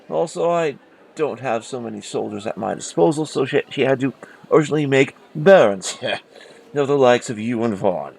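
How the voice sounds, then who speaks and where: An arrogant nobleman of old blood, bored and haughty, as a man puts him on for a fantasy game. His offhand drawl sits lower than a normal speaking pitch and has a gravelly texture. Faint music hums underneath. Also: a little mellow, natural voice, low-quality recording.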